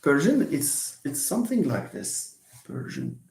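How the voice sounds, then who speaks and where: A man's voice: medium pitch, normal speed, a little hiss or hum. Man teaching, echoey room. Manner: hesitant, many fillers and restarts; lively emphasis when giving examples. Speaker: English lecturer. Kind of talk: live online lesson.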